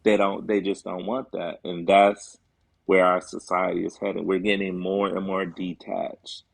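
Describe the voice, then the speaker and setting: A man's voice: deep voice, flat delivery, measured pace, gravelly, dry recording. A man speaking as a guest on a talk show, earnest and emphatic, with frequent fillers. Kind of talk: casual chat.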